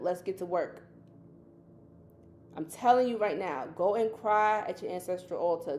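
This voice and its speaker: A woman's voice: mid-range voice, darkish tone, a little hiss or hum. Chatty woman hosting a spiritual livestream. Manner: chatty and colloquial, calls listeners baby. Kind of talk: casual livestream teaching.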